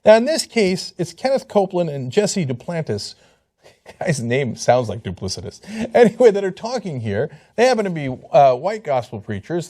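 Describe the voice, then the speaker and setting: A man gives sarcastic commentary on clips, incredulous and mocking. His voice is fairly high and swoops widely, and he breaks into laughing asides. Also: warm tone.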